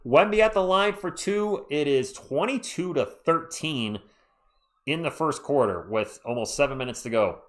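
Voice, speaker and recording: A man hosting a live fan play-by-play stream, chatty and excitable, reading and answering viewer chat as he calls the game. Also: on the high side, moderate pace. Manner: excitable, voice jumps up when thrilled.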